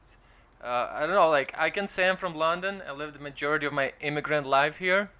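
Bright, joking man. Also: a little high, a little fast, smooth. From Ukraine. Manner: joking, laughs often, loose and rambling. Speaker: stand-up comic, podcast guest. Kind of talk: casual chat.

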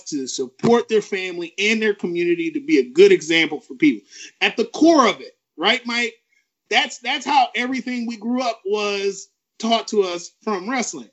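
A man co-hosting a podcast, ranting with animated, profane emphasis. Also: high-pitched, highs cut off. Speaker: podcast co-host. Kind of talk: ranting wrestling podcast talk.

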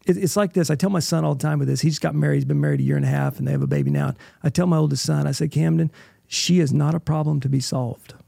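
A man's voice: fairly high pitch, fairly even intonation, very fast, gravelly, warm tone, dry recording, studio quality. A middle-aged man, a guest in an interview, telling an emotional personal story in an earnest way and often checking in with "right?".

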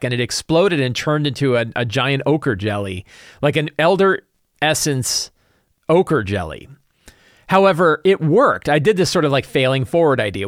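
A man's voice: a little high, no echo, studio quality. A man recapping his tabletop campaign as game master in a rambling, casual way. He fills his talk with "like" and "right?" and chuckles as he tells it. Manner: chuckles while telling.

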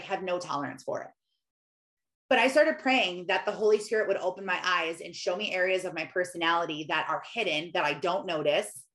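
A young woman telling personal stories in a casual, earnest way, leaning heavily on "like" and acting out what people said. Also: medium pitch. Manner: earnest and animated, heavy use of "like", quotes herself in little scenes. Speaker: Christian vlogger.

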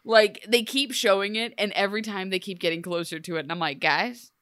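A woman co-hosting a casual TV recap chat, sarcastic and animated, with many "like"s. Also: mid-range voice, fast, smooth, dry recording, studio quality. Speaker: podcast co-host.

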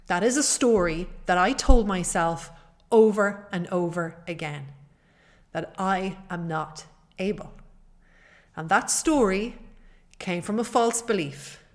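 A woman's voice: mid-range voice, expressive, slow pace. A woman hosting a solo podcast, talking earnestly and personally in a coaching tone. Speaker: podcast host.

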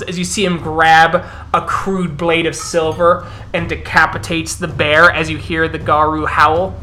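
A man's voice: on the high side, level tone, unhurried, hardly any pauses, sharp tone. A man narrating a tabletop role-playing game as game master.

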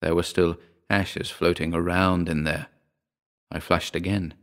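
Male narrator with a deep voice for a spoken horror tale; keep the first-person telling measured and grave. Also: level tone, fairly bright tone. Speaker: audiobook narrator. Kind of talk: scripted horror story narration.

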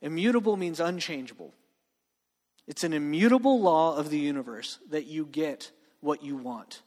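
A man preaching a sermon to students in a casual, joking way. He often asks "right?" and slows down to stress key words. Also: a little high, darkish tone. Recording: long reverb of a hall.

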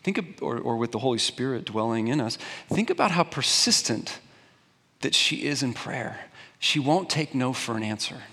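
A man's voice: mid-range voice, lively intonation, moderate pace, pushed and bright, breathy edge, big-room sound. A young adult man preaching a conversational, emphatic sermon to a congregation, asking them questions. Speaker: pastor. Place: church sanctuary before a congregation.

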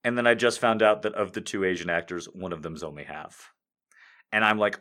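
Animated swearing man ranting. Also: on the low side, moderate pace. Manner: animated, rambling, swears a lot. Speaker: comedic video host. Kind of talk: comic rant and fanfic reading.

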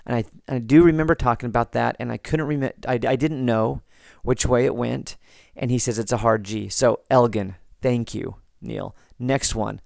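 An American man hosting a podcast, reading listener comments and chatting in a relaxed, rambling way with frequent restarts. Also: mid-range voice, moderate pace, gravelly, few pauses, dry recording, studio quality. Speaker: podcast host.

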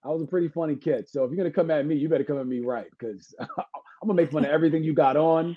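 A man from Brooklyn, a guest entertainer chatting on a podcast, telling animated stories with jokes and laughs. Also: on the high side, racing, dry recording. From Brooklyn, New York. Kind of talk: casual podcast chat. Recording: dry, slightly dull lo-fi sound.

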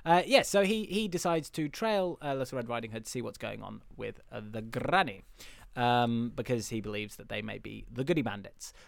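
A man's voice: mid-range voice, expressive, moderate pace, gravelly, no room sound, studio quality. A man hosting a casual chat about a film, talking in a rambling, joking way with lots of fillers. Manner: rambling, with many fillers, swears and laughs. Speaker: podcast host.

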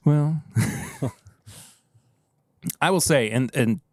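A man's voice: drawn-out words, no room sound, clean studio sound. A man co-hosting a casual podcast, chatting with his friend and plugging the show with upbeat energy. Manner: upbeat, plugs the show with a pitch. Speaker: podcast co-host. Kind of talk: casual chat.

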